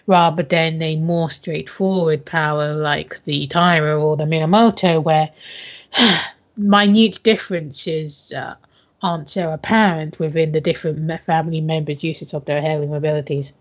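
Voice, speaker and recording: A woman playing a tabletop role-play over voice chat, explaining in a measured, thoughtful way with pauses. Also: deep voice, steady tone, muffled recording.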